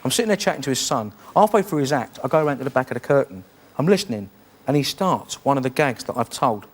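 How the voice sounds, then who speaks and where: A man's voice: medium pitch, lively intonation, fast talker. A man who is a guest on a chat show, spinning a showbiz anecdote in a chatty way that tumbles over its own restarts. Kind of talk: telling an anecdote and a joke. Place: TV studio.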